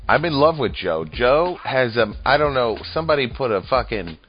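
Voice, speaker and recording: A man's voice: medium pitch, sing-song, normal speed. A man doing rambling, profane comedic political commentary, crude and mocking as he talks. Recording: dull lo-fi audio with faint music.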